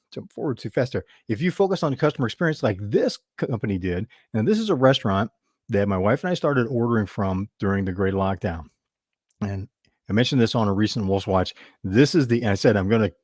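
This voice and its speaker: A man talks straight to his viewers, spinning a story about a small business at an easy, conversational pace. His pitch sits in the middle of the range. The sound is dry and close, with hardly any room echo. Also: a little mellow. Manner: storytelling, chatty, with restarts and quoted dialogue. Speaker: business show host. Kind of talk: casual talk to camera.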